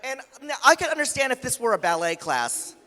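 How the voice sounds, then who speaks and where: A man's voice: extremely high pitch, fairly quick, a little hiss or hum. A man emceeing a conference, telling comic stories in a stand-up style and acting out the voices of the people he quotes. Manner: animated, acts out quoted voices. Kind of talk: stand-up comedy storytelling. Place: large conference hall stage. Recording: echoey hall reverb.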